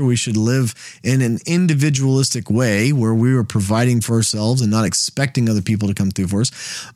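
A man's voice: mid-range voice, darkish tone, no room sound, studio quality. A man hosting a Bible study, teaching in a conversational way and checking in with frequent "right?" questions and restarts.

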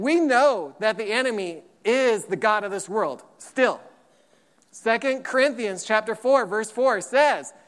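Emphatic male pastor in a reverberant hall. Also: very high-pitched. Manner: lively preacher, emphatic repetition, acted-out quotes. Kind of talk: sermon.

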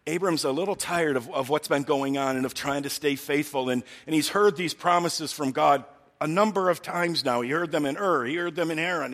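A man's voice: on the high side, a bit bright, in a large hall. A male pastor giving a conversational sermon, often checking in with his listeners. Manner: talky, keeps checking in with the listeners.

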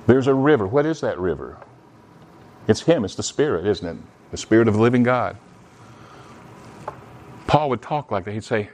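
A man preaching a sermon in an animated way, often restarting his words. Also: lowish voice, moderate pace, long pauses, slight background noise. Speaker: pastor.

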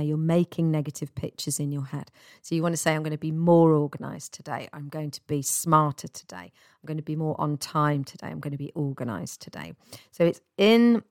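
A woman talks through a self-help podcast in an easy, gentle, chatty way and sometimes laughs at herself. Her voice sits low, and the recording is dry and close. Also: dry recording. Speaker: podcast host.

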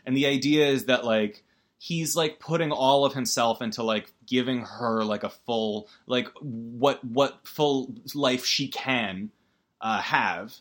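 A man's voice: mid-range voice, slow pace, a bit bright. A man giving a casual, rambling movie recap as a podcast host, full of fillers and wry emotion.

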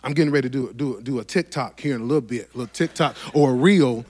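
A man's voice: mid-range voice, fast, a little mellow. A pastor preaching a sermon to his church, fervent and rhythmic, with lots of repetition and direct calls to the congregation.

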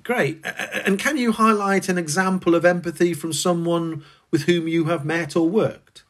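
A male podcast host asking measured, formal interview questions. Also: high voice, fairly even intonation, a bit bright.

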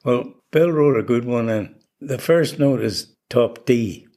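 A man's voice: medium pitch, slow, mellow. An older man, a flute player interviewed as a guest, telling stories in an easygoing way with chuckles. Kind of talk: relaxed anecdotal chat.

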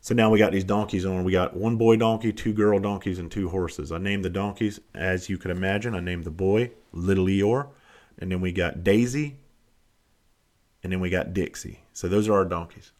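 A man's voice: sits low, moderate pace, darkish tone. A man hosting a podcast, telling a story in a blunt, profane, rambling way. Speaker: podcast host. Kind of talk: casual storytelling.

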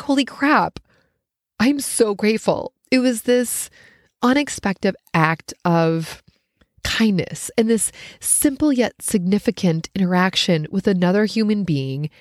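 A woman host tells a personal story in a relaxed, chatty way. Her voice sits slightly low, and she laughs often, jumping sharply upward when excited. The sound is close and dry, with no room echo. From United States. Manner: animated and expressive, laughs often, pitch jumps up when excited. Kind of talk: casual storytelling monologue.

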